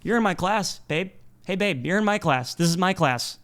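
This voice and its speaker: A man's voice: sits high, lively intonation, moderate pace, fairly bright tone, clean tone. A man hosting a solo podcast in a rambling, playful and profane style, often restarting his sentences. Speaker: podcast host. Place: indoor studio set with black background.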